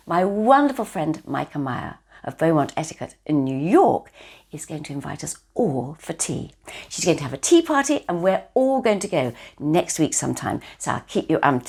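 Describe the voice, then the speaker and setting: An older woman teaching children manners in a gentle, encouraging way. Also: deep voice, gravelly, husky. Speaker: etiquette teacher. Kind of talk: children's etiquette lesson video.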